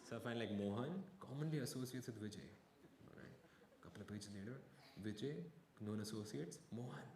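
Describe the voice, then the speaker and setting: A man's voice: medium pitch, fast talker, echoey room, very noisy. A male stand-up comedian telling a story in a dry, self-mocking way at a live comedy venue, with audience laughter.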